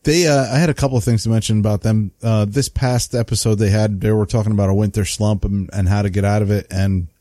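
A man's voice: lowish voice, steady tone, fast talker, hardly any pauses, dark tone, no echo, clean studio sound. A man co-hosting a casual hobby podcast, laid-back and chatty, often tossing in "man". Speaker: podcast co-host. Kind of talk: casual chat.

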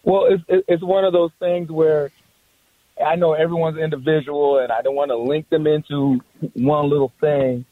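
A man who works as a barber, talking casually and haltingly, with many restarts and short laughs. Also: a little high, steady tone, dry recording, phone-quality sound. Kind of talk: casual conversation.

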